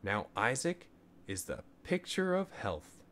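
A man reading a children's story aloud as the show's storyteller, in a gentle and expressive way. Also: medium pitch, takes it slowly, slight background noise.

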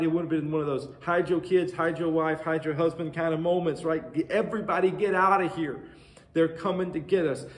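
Animated pastor preaching, echoey room. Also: male voice, fairly high pitch. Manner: conversational and animated, asks the congregation questions. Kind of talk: sermon.

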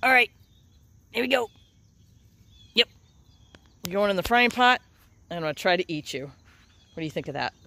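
A woman hosting a home and garden vlog, chatting casually and excitably while she cooks in her home kitchen. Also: fairly low pitch, normal speed, pauses often, slight background noise, rough recording. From United States. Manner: chatty, excitable, lots of exclamations.

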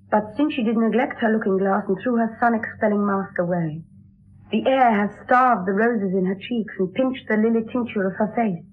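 A woman's voice: mid-range voice, natural voice. An actress playing a lovelorn young noblewoman disguised as a boy page, speaking verse in an earnest, wistful way in an old radio play. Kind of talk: 1960s radio drama verse acting. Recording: tinny lo-fi 1960s radio broadcast.

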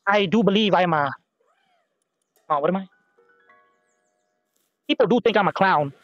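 A man's voice: high-pitched, moderate pace, fairly bright tone, dry recording, dull audio, soft background music. A young man giving rambling, self-deprecating commentary over a game, swearing casually and musing aloud. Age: young adult. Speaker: gameplay commentator. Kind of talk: rambling let's-play commentary.

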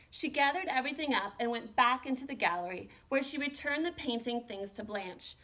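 A woman art teacher reading a children's picture book aloud with an expressive, animated delivery. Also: a little high, a little fast, hardly any pauses. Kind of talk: storybook read-aloud.

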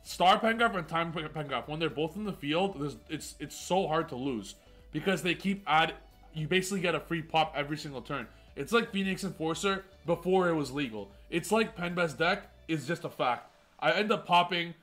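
Man, somewhat high voice, card game replay commentary, boastful hype, joking trash talk, soft music underneath. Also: moderate pace. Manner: hyped, boastful trash talk with self-mocking jokes. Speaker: gaming channel host.

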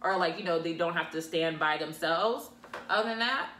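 A woman's voice: lowish voice, normal speed, sharp tone. A woman co-hosting a podcast in casual chat, telling stories animatedly and laughing often. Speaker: podcast co-host. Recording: roomy echo, faint room noise.

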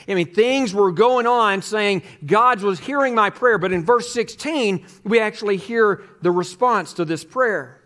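A man's voice: sits high, fairly bright tone. A male pastor giving a sermon, speaking earnestly and reading scripture aloud.

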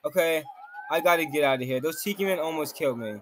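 A man's voice: fairly high pitch, fast, slight background noise. A man giving jumpy gameplay commentary, exclaiming often and reading game text aloud. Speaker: game streamer.

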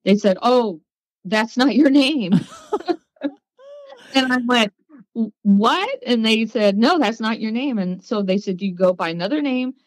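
A woman guest on a podcast, telling her story in a lively way and acting out the voices of people she quotes. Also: a little high, a little slow, no room sound, poor audio. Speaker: guest, psychic.

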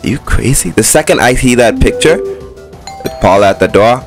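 A man giving excitable let's play commentary on a horror game, talking back to the game and swinging between boasting and panic. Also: mid-range voice, normal speed, pauses often, over music. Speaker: gaming YouTuber.

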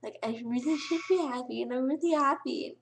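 A woman's voice: sits high, fairly quick, creaky. A teenage girl thanking her subscribers in a casual vlog, gushing, giggly and close to tears. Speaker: vlogger.

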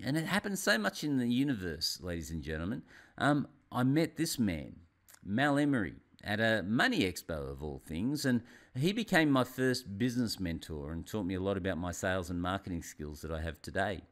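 A man, a business consultant giving a motivational presentation, telling his story with theatrical swings in pitch and volume and addressing the audience as ladies and gentlemen. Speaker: business consultant and seminar speaker.

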